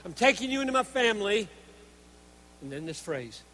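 A male preacher with a strikingly high voice delivers an earnest sermon. He drops to hushed tones and then presses his points with force. A long hall reverb trails after his words. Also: sing-song, normal speed, pauses often, slight background noise. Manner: earnest, emphatic, shifts between hushed and forceful.

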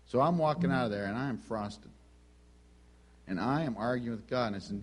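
A male preacher tells a personal story from the pulpit. He is conversational and animated, acting out each exchange in a mid-range voice. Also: medium pitch, brisk, pauses often. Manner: animated, conversational, acts out dialogue. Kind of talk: sermon storytelling.

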